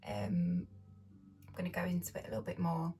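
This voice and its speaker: A woman with a slightly croaky voice giving a tarot reading, talking slowly and softly, often half-whispering, and checking in with her listeners as she explains. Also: on the low side, big pitch swings. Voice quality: husky, often drops to a whisper. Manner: unhurried, explains with fillers and checks in. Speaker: tarot reader. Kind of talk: slow, soft-spoken tarot reading.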